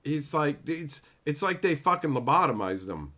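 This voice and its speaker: A man's voice: on the high side, very animated, normal speed, pushed and bright. A man hosting a livestream, ranting in a casual, profane and mocking way. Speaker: livestream host.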